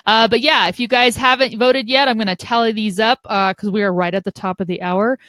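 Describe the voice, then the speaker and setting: A woman's voice: on the high side, fairly even intonation, brisk, fairly bright tone, dry recording. A woman hosting a live-stream show in an upbeat, chatty way over a video call. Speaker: host. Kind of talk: casual live-stream chat.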